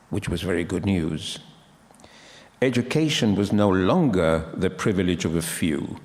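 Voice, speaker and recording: A man's voice: fairly low pitch, darkish tone. A man giving an academic lecture on pronunciation, explaining and quoting sources, in a lecture hall. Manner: explanatory, quotes sources, with frequent restarts.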